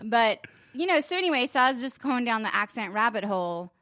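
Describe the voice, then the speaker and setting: A woman's voice: a little high, very animated, brisk, sharp tone, no room sound, clean studio sound. A middle-aged woman co-hosting a podcast, chatting casually and playfully, laughing often and riffing on accents. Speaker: podcast co-host. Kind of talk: casual chat.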